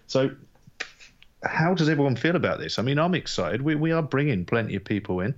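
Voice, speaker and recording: A man co-hosting a sports podcast, talking in a deadpan, dry way and wandering into anecdotes. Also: mid-range voice, fairly quick, dull audio. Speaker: podcast co-host. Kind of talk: casual chat.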